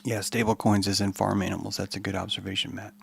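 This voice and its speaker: Animated swearing man ranting. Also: lowish voice, quick pace, gravelly, slight background noise. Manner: animated, profane, rambling. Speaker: podcast host. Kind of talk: monologue podcast rant.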